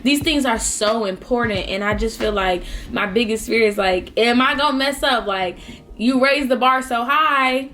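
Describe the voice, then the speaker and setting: A woman's voice: a little high, moderate pace, fairly bright tone, soft background music. A woman in her twenties talking casually while eating, heartfelt and rambling, with lots of fillers. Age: 20s. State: close to tears at times. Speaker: vlogger. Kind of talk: casual mukbang talk.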